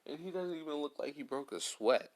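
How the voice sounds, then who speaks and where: A man's voice: on the high side, animated, brisk. A man casually telling an improvised fan story, rambling and slangy, full of fillers.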